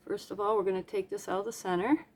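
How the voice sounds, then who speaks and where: A woman's voice: mid-range voice, fairly even intonation, quick pace. A woman casually narrating her acrylic paint pouring at home, chatty and self-deprecating, with playful sound effects and humming. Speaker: craft vlogger.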